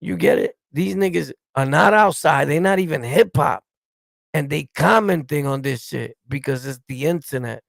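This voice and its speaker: A man's voice: a little high, normal speed, gravelly, no echo. A man from New York City with a New York accent, hosting a stream and delivering blunt, profane, combative commentary. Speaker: streamer host. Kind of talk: ranting reaction commentary.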